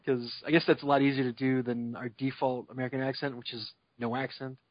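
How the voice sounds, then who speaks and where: A man's voice: medium pitch, quick pace, no echo, highs cut off. A man co-hosting a podcast in casual chat, telling stories with jokes and frequent laughter. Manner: joking, animated storyteller, laughs often. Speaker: podcast co-host.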